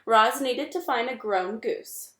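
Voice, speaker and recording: A woman reading a children's novel aloud in an expressive, measured way. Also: fairly high pitch. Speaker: reader. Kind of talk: storybook read-aloud. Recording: echoey room.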